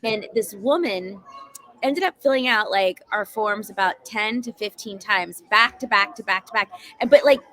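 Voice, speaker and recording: A woman guest in a casual chat, telling stories in a relaxed way with drawn-out fillers. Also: mid-range voice.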